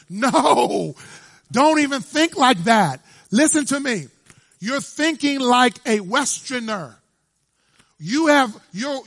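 A male preacher giving an emphatic, animated sermon and quizzing his congregation. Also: very high voice, no room sound, clean studio sound.

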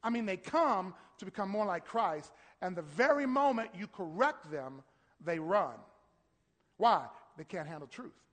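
A male pastor preaching a sermon in church, driving his points with rising, shouted emphasis and call-and-response. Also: sits high, big pitch swings, measured pace. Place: church sanctuary. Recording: long hall reverb.

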